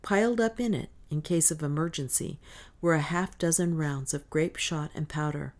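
Low-voiced woman reading an audiobook. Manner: steady, measured reading. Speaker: narrator. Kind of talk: audiobook narration.

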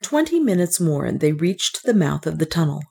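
Low-voiced woman narrating a novel. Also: big pitch swings, moderate pace, vocal fry, mellow, slightly rough. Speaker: audiobook narrator. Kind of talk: scripted narration.

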